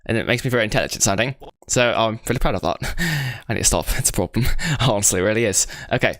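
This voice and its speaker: A young American man talks through his animation work on a livestream, rambling excitably and poking fun at himself while he sounds out mouth shapes. His voice sits a little low. The sound is dry and close, with no room echo. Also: fast talker. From United States. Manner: rambling, self-mocking, excitable, says bro and guys a lot.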